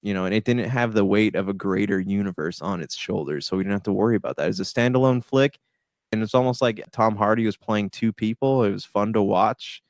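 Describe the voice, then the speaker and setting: A man's voice: fairly low pitch, fairly quick, no echo, clean studio sound. A man co-hosting a podcast, talking casually about movies in a laid-back, hesitant way. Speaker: podcast co-host. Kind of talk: casual movie review chat.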